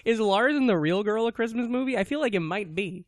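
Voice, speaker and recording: Fast-talking high-voiced joking man. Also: expressive, no echo, studio quality. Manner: profane, joking, laughs often. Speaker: podcast co-host. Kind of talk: casual banter. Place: apartment in New York.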